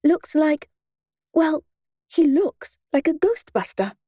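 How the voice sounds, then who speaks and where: A woman voicing an anxious, eager suburban mother who talks in a high, urgent way. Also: very animated, takes it slowly, dark tone, no room sound, clean studio sound, exaggerated voice. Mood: excited.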